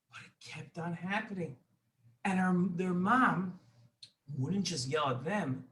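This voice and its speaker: Man hosting a kids show, upbeat storytime, high bright voice, echoey room. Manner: upbeat, reassuring, talks to kids. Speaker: children's show host. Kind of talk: storytelling to children.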